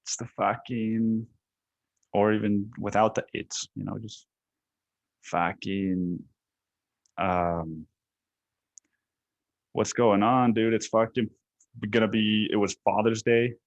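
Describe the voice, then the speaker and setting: A man's voice: fairly low pitch, flat delivery, slow pace, pauses often, no echo, muffled recording. A man hosting a solo podcast, talking casually in a rambling, profane way full of fillers and restarts. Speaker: podcast host.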